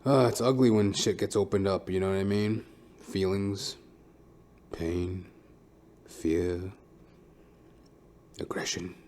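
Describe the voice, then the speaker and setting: A man's voice: low-pitched, fairly even intonation, slow pace, pauses often, darkish tone, slight background noise. A man who is a stand-up comedian, hosting his own podcast in a blunt, profane, rambling monologue.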